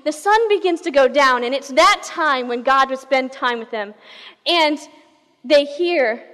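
A woman pastor preaching a sermon as an animated storyteller who shifts pace and volume. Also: sits high. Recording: reverberant hall.

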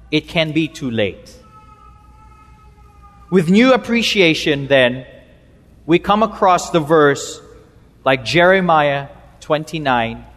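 A male pastor preaching a sermon in a church, emphatic and halting with repeats, slowing and dropping low on key words. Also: fairly bright tone, in a large hall.

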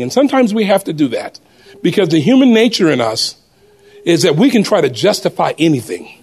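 A man telling a personal testimony story to a congregation in an animated way, often laughing as he goes. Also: high voice, fast talker, slightly rough.

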